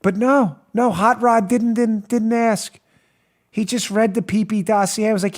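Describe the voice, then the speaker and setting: A man hosting a political talk show, delivering animated, sarcastic commentary and acting out mocking little scenes. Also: high voice, measured pace.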